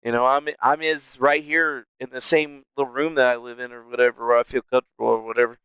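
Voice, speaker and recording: A man's voice: medium pitch, level tone, quick pace, a bit bright, clean tone, no echo. A man live-streaming from a small room at home, rambling casually with lots of swearing and laughing to his chat. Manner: rambling, profane, laughs a lot.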